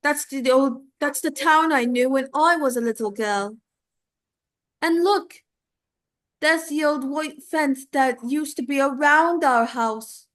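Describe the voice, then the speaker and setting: A grieving young woman's ghost pleads softly with her mother, as a woman acts her out. The voice sits high and bright, and the lines come slowly with long, aching pauses. It is a dramatic monologue reading, tender and wistful throughout. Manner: tender, pleading, halting delivery.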